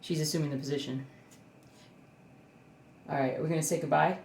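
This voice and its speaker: A woman's voice: deep voice, steady tone, moderate pace, gravelly, a little mellow, roomy sound, slight background noise. A woman chatting casually to camera at home, rambling with lots of fillers and cooing at her dog. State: emotional, near tears. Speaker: cross stitch vlogger. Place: indoors at home.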